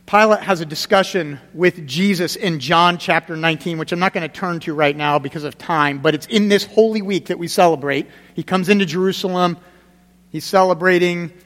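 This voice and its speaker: A pastor delivers a sermon in a slightly high voice, talking conversationally and with emphasis. He keeps repeating his main points, then lowers into a quiet, grave tone, and a long reverb tail follows his words.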